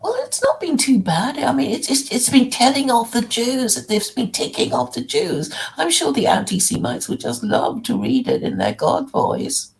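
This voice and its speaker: A woman's voice: fairly high pitch, very animated, normal speed, creaky, hardly any pauses. A woman in casual chat on a stream, teasing and laughing often.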